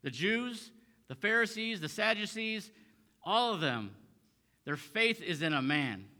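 A man's voice: sits high, very animated, a little slow, pushed and bright, in a large hall. A man preaching a sermon as a pastor, reading scripture aloud and then restating it in plain talk with frequent fillers and repeated phrases. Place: church sanctuary.

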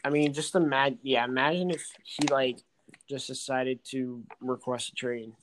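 A man chats about baseball in a loose, rambling way, full of fillers, and gets easily excited. His voice sits at an ordinary middle pitch. He sounds unscripted and relaxed in a casual talk. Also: normal speed, background noise. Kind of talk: casual sports chat while playing a video game.

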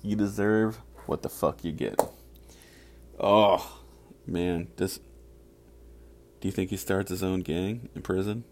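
A man's voice: deep voice, takes it slowly, pauses often, darkish tone, slight background noise. A man hosting a solo podcast, ranting casually with heavy profanity and rambling asides. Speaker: podcast host.

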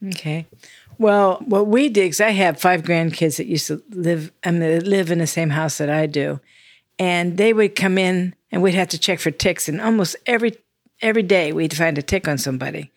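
A woman's voice: on the low side, moderate pace, no echo, studio quality. An older woman co-hosting a podcast, chatty and self-deprecating in casual conversation. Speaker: podcast co-host. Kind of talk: casual chat.

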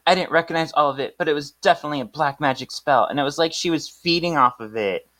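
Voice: medium pitch, fast, pushed and bright, no room sound, pitched above the performer's own voice, lightly acted. A snippy teenage witch girl, read out by a podcast host who brushes others off with a sneer. The delivery is casual. The sound is dry and close. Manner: sneering, dismissive read-aloud.

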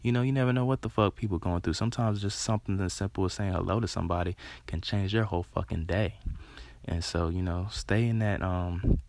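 Deep gravelly man, earnest casual pep talk. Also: a little fast, a little mellow, no echo. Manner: rambling, earnest, frequent "you know", casual swearing. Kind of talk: casual motivational talk to camera.

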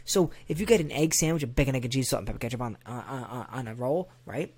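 A man's voice: mid-range voice, fast, a little mellow, slightly rough. A man in casual banter, ranting emphatically with heavy swearing.

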